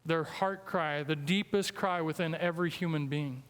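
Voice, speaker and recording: A man with a Midwestern American accent preaching a sermon as a guest speaker, earnest and emphatic, slowing down when he reads scripture. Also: fairly high pitch, fairly even intonation, fairly bright tone. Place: church sanctuary. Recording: long church reverb.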